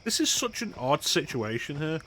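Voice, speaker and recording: A man's voice: on the high side, very animated, moderate pace, sharp tone, a little hiss or hum. A man streaming a video game, making sarcastic, crude jokes in casual commentary.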